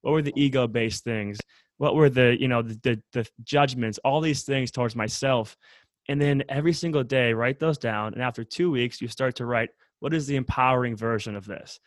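Male host, mid-pitched voice, casual and filler-heavy, dry recording. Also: moderate pace, no echo. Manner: relaxed, uses many fillers like "like". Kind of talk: casual chat.

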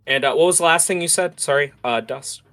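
A man narrating a tabletop role-playing game as game master, with lively scene-setting and frequent fillers. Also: on the high side, brisk, soft background music.

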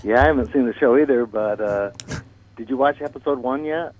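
A man's voice: medium pitch, fairly quick, phone-quality sound, a little hiss or hum. A man calling in to a radio talk show, insistent and chuckling as he argues his point. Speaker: radio caller. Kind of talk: call-in radio chat.

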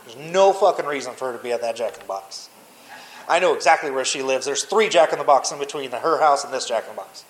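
A man's voice: medium pitch, animated, quick pace, a little hiss or hum, poor audio. Blunt, profane man telling his story. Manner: blunt and profane, with frequent restarts. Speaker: podcast guest. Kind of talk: candid personal storytelling.

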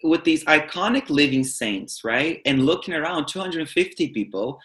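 Animated man telling stories as a guest. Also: fairly high pitch, normal speed. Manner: animated and expressive, with frequent stutter-like restarts. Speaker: spiritual teacher and author, guest. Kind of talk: storytelling in a podcast interview.

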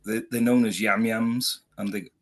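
A man's voice: on the low side, fairly even intonation, normal speed. A man from Wales with a light Welsh accent, chatting easily on a podcast and often restarting his words. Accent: Welsh, slight. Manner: easygoing, hesitant restarts. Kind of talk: casual chat.

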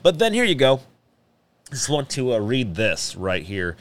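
A man's voice: medium pitch, wildly swooping pitch, measured pace. A young man hosting a casual radio talk show, joking around and reading things aloud. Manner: jokey, reads aloud with a hammy mock German lilt. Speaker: podcast host.

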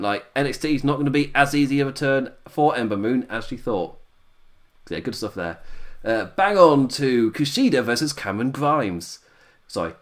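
A young adult man hosting a podcast, chatting casually through a review, rambling and chuckling often between thoughts. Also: mid-range voice. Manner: rambling, laughs often, restarts sentences. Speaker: podcast host reviewing a show.

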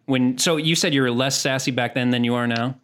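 A man's voice: mid-range voice, fairly even intonation, a little fast, a bit bright, smooth. A man hosting a podcast in a joking, casual way, often restarting his sentences. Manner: joking, repeats words when starting sentences. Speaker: podcast host.

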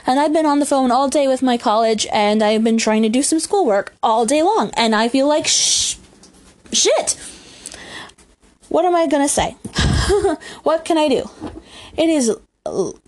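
A woman's voice: high voice, lively intonation, moderate pace, darkish tone. A young woman with a youthful, girlish voice, chatting casually and rambling on her own podcast, laughing often. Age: young adult. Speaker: podcast host. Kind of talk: casual solo chat. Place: room at home.

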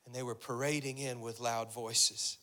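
A man preaches in a mid-range, sharp-toned voice with little pitch movement and a moderate pace. As a pastor reading and unpacking scripture, he repeats key phrases, builds in intensity and speaks as Jesus.

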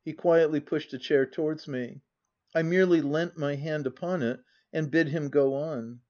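Man reading a classic novel, dull sound. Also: a little high. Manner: even, measured first-person reading. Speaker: audiobook narrator. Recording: dull lo-fi audiobook recording.

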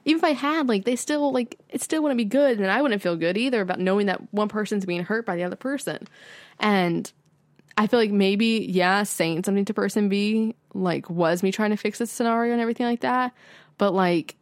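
A young woman in her twenties co-hosting a podcast in casual chat, talking freely with many "like"s and jumping up in pitch when she retells a story. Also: brisk, no echo. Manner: chatty, fills speech with "like", rises sharply when retelling. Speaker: podcast co-host.

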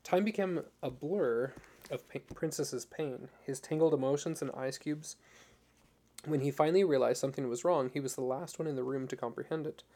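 A man narrating a novel aloud in a measured, earnest way. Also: medium pitch, dark tone. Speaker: audiobook narrator. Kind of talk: scripted narration.

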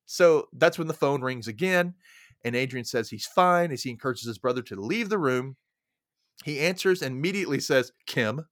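A man's voice: mid-range voice, animated, normal speed, dry recording. Laid-back male podcast host, dry sound. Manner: laid-back, acts out characters with sudden loud yelps. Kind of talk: casual movie recap.

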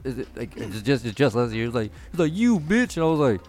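A man's voice: medium pitch, fast, darkish tone. A man, telling stories in a casual, profane chat, often laughing as he talks.

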